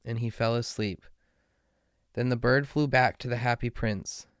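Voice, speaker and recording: Guy reading a fairy tale slowly, crisp voice, medium pitch. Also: steady tone, no room sound, studio quality. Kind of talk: storybook reading.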